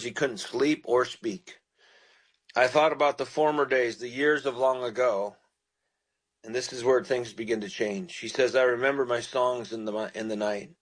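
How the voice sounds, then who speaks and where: A man preaching a radio sermon, reading scripture and then explaining it in an earnest, pastoral way. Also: medium pitch.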